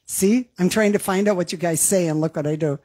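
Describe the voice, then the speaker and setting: A woman's voice: on the low side, a little fast, a little mellow, husky. Chatty woman singer hosting a show. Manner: chatty, laughs, reads out viewer comments. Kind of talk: casual chat between songs. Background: backing music.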